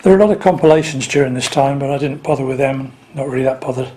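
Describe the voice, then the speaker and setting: Man, easygoing collector vlogging, mid-pitched, rambling and dry. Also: dark tone. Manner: unhurried, rambling, dry asides. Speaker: record collector. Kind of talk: casual talk to camera.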